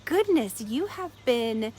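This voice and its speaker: A woman voicing a calm male monk in a spoken story, gentle and knowing. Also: a little high, slow, slight background noise, poor audio.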